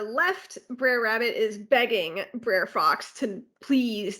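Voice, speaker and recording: Bright-voiced woman podcast co-host. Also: fairly high pitch, expressive, slow, hardly any pauses. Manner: rambling ride walkthrough with filler words and asides. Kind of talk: casual podcast chat.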